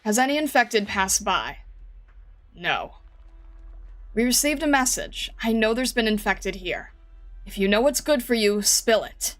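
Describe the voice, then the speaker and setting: A woman's voice: on the high side, expressive, a little slow, pauses often, a bit bright. A woman voicing a stern young woman investigator who speaks coldly and accuses, over faint background music. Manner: cold and accusing, rising to anger.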